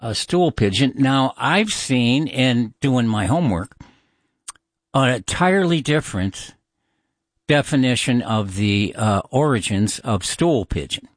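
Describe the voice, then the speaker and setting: A man's voice: medium pitch, lively intonation, unhurried, dry recording, studio quality. A man hosting a call-in radio show, chatting in a musing, informal way with many fillers.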